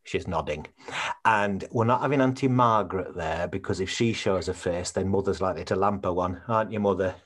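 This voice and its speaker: A man's voice: sits low, brisk, a bit bright. An actor playing a chatty son planning a funeral, blunt and earnest, always checking with his mother. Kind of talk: comedy series acting on a video call.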